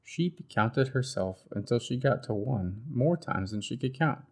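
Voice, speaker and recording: A man reading a children's picture book aloud with expressive storybook delivery. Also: mid-range voice, unhurried, slightly rough.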